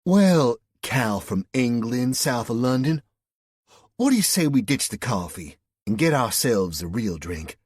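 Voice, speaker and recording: A man's voice: mid-range voice, very animated, unhurried, a little mellow, slightly rough, dry recording, studio quality, voice pushed up. A man voicing a flirty, sarcastic woman from West Virginia with a West Virginia accent and a mocking, teasing drawl.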